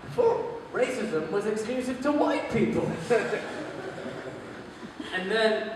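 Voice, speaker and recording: A man's voice: high-pitched, sing-song, slow, long pauses, background noise. A man doing a stand-up comedy set at a live venue, rambling and crude, often stopping to restart his sentences, recorded in an echoey hall from a distance. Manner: rambling, crude, self-interrupting. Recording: echoey hall from far off, faint ambience.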